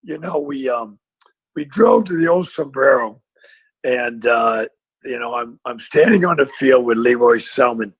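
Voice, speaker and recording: A man, a former football coach, telling a lively story in a casual interview and acting out the dialogue. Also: mid-range voice, measured pace, husky, no room sound, poor audio. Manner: animated storyteller, acts out dialogue.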